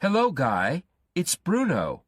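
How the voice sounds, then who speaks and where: A man's voice: huge pitch swings, takes it slowly, husky, no echo, studio quality, exaggerated voice. A man putting on a pushy, obsessive young stalker. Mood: insistent. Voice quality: raised, strained pitch.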